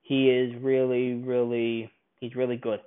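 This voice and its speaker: A man's voice: mid-range voice, monotone, unhurried, clear, resonant tone. A man casually reviewing a film, rambling and enthusiastic, often restarting his sentences. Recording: tinny phone-like sound.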